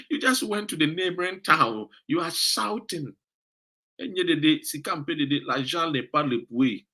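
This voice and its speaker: A Ghanaian man delivers fired-up political commentary in a high, sharp voice with a husky edge. He lectures his listeners, firing rhetorical questions and scolding them as he reads out their comments. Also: animated, normal speed. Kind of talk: impassioned political commentary, reading out viewer comments.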